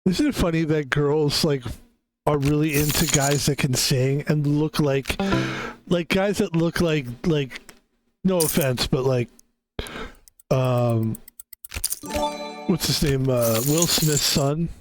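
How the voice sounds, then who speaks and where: A man chats casually while he streams a game, his voice pitched a little high. He rambles and yawns, leaning on "like" again and again. Game music plays clearly underneath him. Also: takes it slowly, long pauses. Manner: rambling, filler-heavy, tired and yawning. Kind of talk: casual gaming stream chat.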